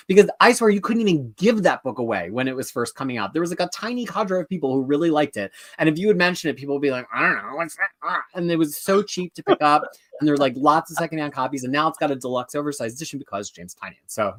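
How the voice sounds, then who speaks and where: A man co-hosting a comics show in casual chat, animated and chatty, with self-mocking asides. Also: mid-range voice, fast.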